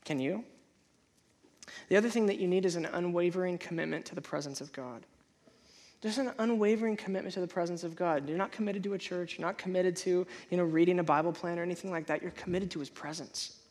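A pastor preaching a sermon, repeating and restarting words, and jumping high in pitch to act out inner voices. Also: fast, darkish tone.

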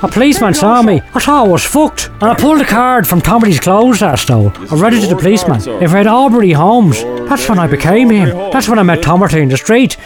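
A man's voice: high voice, very animated, fast talker, few pauses, over music. An actor playing an erratic, foul-mouthed man who hears voices, rambling and swearing in a comic audio drama. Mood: agitated.

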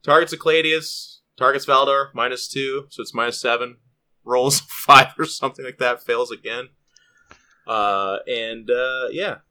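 A man co-hosting a podcast, telling a lively anecdote and acting out the people in it. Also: medium pitch, unhurried, clean tone. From California. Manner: lively storyteller, acts out quotes. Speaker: podcast co-host.

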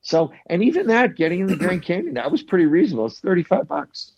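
A man's voice: sits high, sing-song, quick pace, breathy edge, no room sound, highs cut off. A man chatting casually about a trip, rambling and swearing with many restarts. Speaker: traveler recounting a trip. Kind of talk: casual chat.

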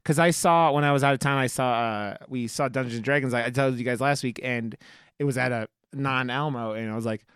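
A man's voice: mid-range voice, brisk, smooth, dry recording, clean studio sound. A man co-hosting a podcast in casual chat, telling stories animatedly and laughing as he talks. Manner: animated storyteller, laughs while talking. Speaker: podcast co-host.

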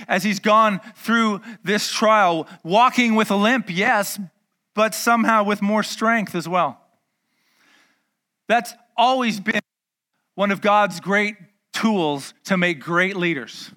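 A man's voice: sits high, pushed and bright. A male pastor preaching a conversational sermon, acting out dialogue with humor.

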